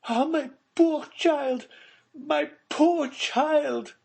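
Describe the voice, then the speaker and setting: A man putting on a distraught, high-pitched noble mother. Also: expressive, slow pace, breathy edge, exaggerated voice. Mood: anguished. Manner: high, trembling, anguished pleading.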